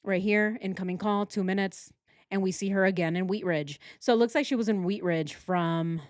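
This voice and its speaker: A woman's voice: medium pitch, normal speed, no room sound, clean studio sound. A woman doing true crime reaction commentary, indignant and conversational, and often asking her viewers questions. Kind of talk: reaction commentary over video.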